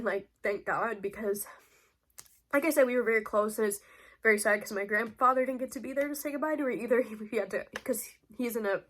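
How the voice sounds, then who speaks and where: A woman's voice: medium pitch, fairly bright tone. Chatty young woman vlogger. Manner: rambling, many fillers and restarts. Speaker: beauty vlogger. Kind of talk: casual chat to camera.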